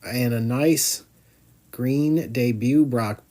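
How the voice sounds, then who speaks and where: Slow-talking man hosting a card break. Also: mid-range voice, warm tone. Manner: chatty, calls out each card, groans at misses. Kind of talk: live card break commentary.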